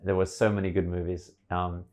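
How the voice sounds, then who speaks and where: A man's voice: low voice, level tone, fairly quick, darkish tone. A man hosting a podcast in casual conversation, chatty and enthusiastic, prone to rambling. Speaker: podcast host.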